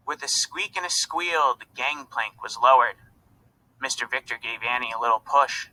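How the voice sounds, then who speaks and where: Bright-voiced man reading a storybook. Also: mid-range voice, normal speed, low-quality recording. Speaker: reader. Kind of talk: storybook read-aloud.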